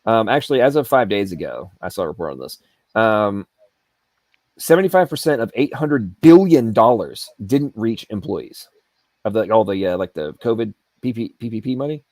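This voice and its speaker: A man's voice: on the low side, expressive, moderate pace, a little mellow, no echo. A man hosting an aftershow, ranting heatedly and sarcastically about government waste. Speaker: show host. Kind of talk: aftershow rant. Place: Asheville home studio.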